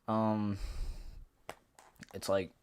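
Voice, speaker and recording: A man with a lowish voice rants to camera about fighters, loose and profane. He rambles, restarts his sentences and keeps the heat up in a casual sports-vlog monologue. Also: completely flat delivery, very slow, a little mellow, smooth. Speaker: MMA commentary vlogger.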